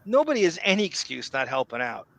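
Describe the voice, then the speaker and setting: A man hosting a podcast, animated and joking, with quick asides. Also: a little high, vocal fry, noisy background. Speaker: podcast host. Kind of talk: casual chat.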